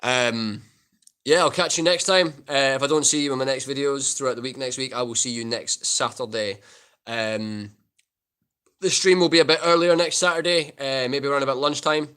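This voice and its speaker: Chatty man with a bright voice. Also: medium pitch, normal speed, clean tone. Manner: chatty, rambling, reads out chat. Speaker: guitar YouTuber live streamer. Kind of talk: casual live stream chat.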